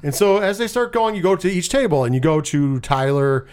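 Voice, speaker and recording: A man's voice: on the high side, fairly quick, darkish tone, smooth. A man casually retelling a film's plot on a podcast, rambling, swearing freely and acting out the characters' lines. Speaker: podcast co-host. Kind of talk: casual movie recap chat.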